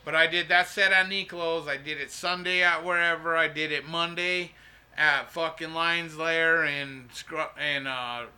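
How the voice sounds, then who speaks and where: Profane young man telling a story, high and bright. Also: a little slow. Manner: profane, animated storytelling full of "dude" and "bro". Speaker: stand-up comedian guest. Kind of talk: casual podcast chat.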